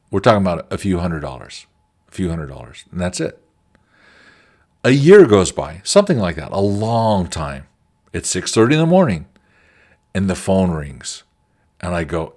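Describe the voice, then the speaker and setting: A man teaching quality management through conversational stories from his work. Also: low voice. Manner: conversational, anecdotal. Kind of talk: storytelling lecture.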